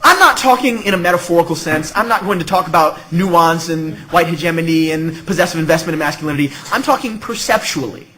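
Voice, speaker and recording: A middle-aged man delivers a conference talk with a high, bright voice. His pitch swings widely as he makes his points, and he keeps tagging them with quick "okay?" and "right?" asides. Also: animated, low-quality recording. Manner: witty, emphatic, peppered with "okay?" and "right?". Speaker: panel speaker at an academic symposium.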